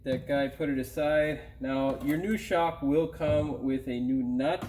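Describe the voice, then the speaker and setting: Heavy background noise surrounds this mechanic and channel host, whose medium-pitched voice moves at a measured pace. He's leading a hands-on car repair tutorial in a garage workshop, recorded on a camera mic, talking casually, bluntly and with mild swearing.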